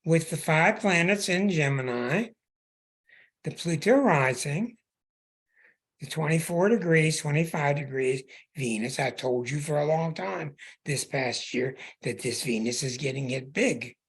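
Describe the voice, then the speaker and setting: A man's voice: a little high, a little slow, slightly rough. A man hosting an astrology show, reading a caller's chart in an emphatic, plain-spoken way and repeating his points. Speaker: astrologer host.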